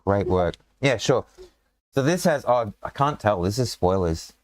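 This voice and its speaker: A low-pitched man with an Australian accent talks loosely and rambles, thinking aloud through lots of fillers as he sketches a dungeon map. His voice is recorded close and dry, with no room sound. The talk is a casual, joking chat. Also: lively intonation, a little slow, no room sound. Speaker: dungeon designer and show host.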